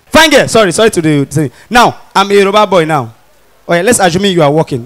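A young man doing stand-up comedy with a Nigerian Pidgin accent, animated and playing characters as he tells his jokes. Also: high voice, a little fast. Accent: Nigerian Pidgin English. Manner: animated, mimics characters, shifts between Pidgin and Yoruba. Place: stage in front of a live audience.

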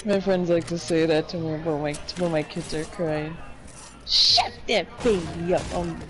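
A woman's voice: sits low, little pitch movement, normal speed. A young mother chatting casually while gaming, teasing and laughing a lot.

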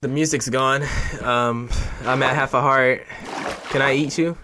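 A young man giving casual, joking gameplay commentary to his viewers. He swears freely and bursts into excited yelps. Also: medium pitch, a little slow, long pauses, a little hiss or hum. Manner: chatty, talks straight to viewers. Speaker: gaming YouTuber.

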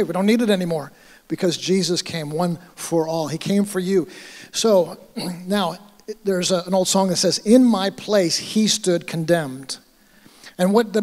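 A middle-aged male pastor preaching a sermon in a conversational way, with acted-out asides. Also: sits high. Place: church hall. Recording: church hall with long reverb.

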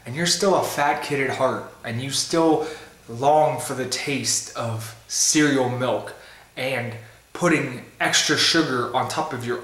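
A man's voice: medium pitch, fairly bright tone. A man giving an upbeat, playful food review in a casual vlog, tasting as he talks. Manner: tasting ice cream while talking. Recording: roomy echo.

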